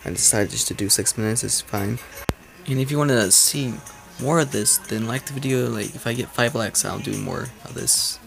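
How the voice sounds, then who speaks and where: With background music beneath him, a gravelly-voiced man of medium pitch talks at normal speed while hosting a reaction video. He rambles and mocks casually, leaning heavily on "like" as a filler.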